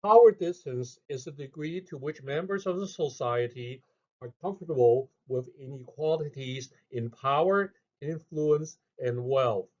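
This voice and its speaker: A man narrating a scripted lesson in a measured way, reading out each heading with emphasis. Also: medium pitch, darkish tone, lo-fi sound. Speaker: instructor.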